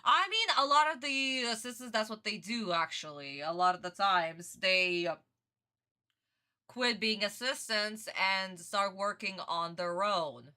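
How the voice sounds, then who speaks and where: A woman's voice: mid-range voice, expressive, a little slow, pushed and bright. A woman hosting a reaction video, chatting casually, rambling and laughing often. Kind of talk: casual chat.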